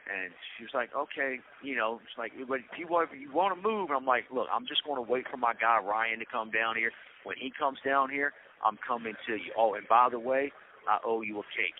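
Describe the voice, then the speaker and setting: A man spins a casual story in a relaxed, slang-filled way, acting out bits of dialogue as he goes. His voice sits at an ordinary pitch for a man. It comes through a thin, phone-like line with a faint hiss underneath. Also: moderate pace. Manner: laid-back, slangy retelling with quoted dialogue. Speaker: podcast host. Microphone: prison phone call.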